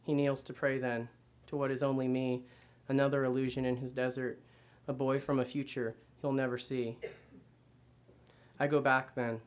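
Man reading fiction in a flat voice. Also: medium pitch, moderate pace. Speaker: reader. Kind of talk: first-person literary reading.

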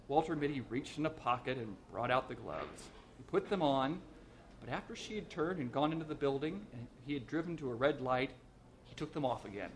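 A man reading a short story aloud as narrator, in an even, measured way. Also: mid-range voice, slight background noise.

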